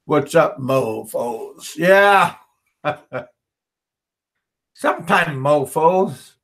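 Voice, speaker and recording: A man hosts a relaxed livestream, reading out comments from his chat and answering them as he goes. His voice sits a touch high for a man. He talks slowly and haltingly, repeating words and starting sentences over, with a chuckle now and then. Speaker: livestream host.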